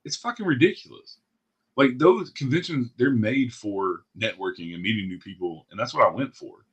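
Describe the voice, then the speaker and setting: A man's voice: mid-range voice, animated, moderate pace, a bit bright, breathy edge. A man hosting a podcast in casual chat, talking bluntly and profanely in a ranting way. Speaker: podcast host.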